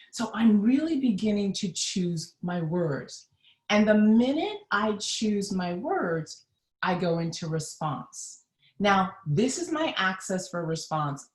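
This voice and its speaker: A woman's voice: mid-range voice, lively intonation, moderate pace, echoey room. A woman coaching viewers on a live stream, speaking earnestly and emphatically and addressing them directly. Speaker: mindset coach.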